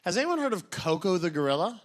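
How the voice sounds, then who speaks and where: A man from New doing a stand-up comedy set, telling stories and acting out voices with animated delivery. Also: high-pitched, fast. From New York City. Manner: animated storytelling, acts out voices.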